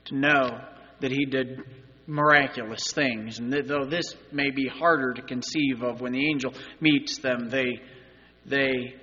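A male pastor giving an Easter sermon, moving between loud, urgent appeals and quiet, earnest asides. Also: medium pitch, fairly even intonation, a little slow, husky, long reverb tail, highs cut off. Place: church sanctuary.

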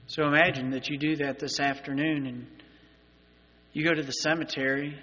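A male pastor delivers an Easter sermon in a bright, forceful voice that sits a little high. He shifts from loud, urgent appeals to quiet, earnest asides. The sound is muffled, with a long church reverb. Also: flat delivery, moderate pace, husky. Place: church sanctuary.

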